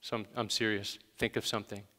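A man with a fairly low, sharp voice delivers a flat, fast conversational sermon to a church congregation, emphasizing each command. He uses a handheld microphone, and the recording has long hall reverb.

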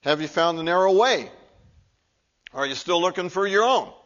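A man preaching a Sunday sermon, his fairly high voice coming through a muffled, lo-fi recording. He talks earnestly and swings between emphatic, raised points and low, hushed appeals to the congregation. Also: lively intonation, normal speed. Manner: earnest, building to emphatic peaks then dropping low and quiet. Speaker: pastor. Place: church sanctuary.

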